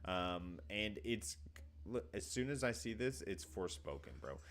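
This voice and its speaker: A man with a very deep voice co-hosting a casual game-reaction show. He sounds easygoing and upbeat as he talks about new releases. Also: lively intonation, measured pace, fairly bright tone, slight background noise. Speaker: co-host.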